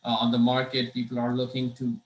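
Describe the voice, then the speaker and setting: A man's voice: mid-range voice, monotone, a little fast, highs cut off. A man hosting a professional webinar, speaking in a rambling, hesitant way full of "uh"s, with a dry throat, heard over a video call. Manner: rambling, hesitant, many uh fillers and restarts. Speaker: webinar host. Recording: echoey room.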